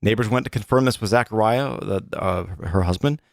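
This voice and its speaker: Low-voiced man reading a list, halting. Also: no room sound, clean studio sound. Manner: halting, reads aloud with many fillers and restarts. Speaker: podcast co-host. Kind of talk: casual chat, reading a list aloud.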